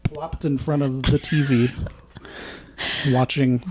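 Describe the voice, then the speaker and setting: A man's voice: mid-range voice, level tone, takes it slowly, darkish tone. A man co-hosting a podcast in casual chat, with a dry, teasing manner. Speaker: podcast co-host.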